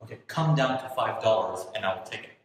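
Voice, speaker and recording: A man teaching trading to a class, animated, acting out traders' thoughts in quick asides. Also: lowish voice. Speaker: forex trading instructor. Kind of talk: lively teaching talk. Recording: echoey hall with faint noise.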